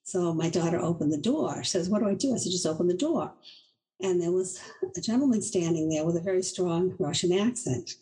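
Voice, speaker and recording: Middle-aged woman, from Boston, animated storyteller, laughs often, chatty interview guest. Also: on the low side, a little fast, low-quality recording. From Boston, USA. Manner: animated, laughs through her stories. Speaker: inventor, guest.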